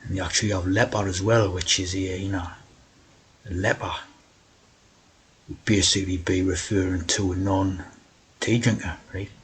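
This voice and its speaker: A man's voice: low-pitched, steady tone, normal speed, long pauses, breathy edge, rough recording. A man talking in a rambling monologue, tagging his points with "right?". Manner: meandering, keeps asking "right?". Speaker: video host.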